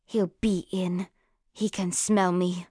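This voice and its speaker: A woman's voice: on the low side, flat delivery, slow pace, warm tone, husky, no room sound, studio quality, voice pushed down. A woman voicing a terrified teenage girl who whimpers and panics, trembling as she talks. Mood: hushed dread.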